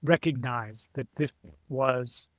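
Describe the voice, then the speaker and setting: In a mid-range voice and a recording with no room sound, a slow-speaking adventurer and author recounts his travels during a casual interview. He tells them with animation, voicing the people he quotes, though his sentences often stall and restart.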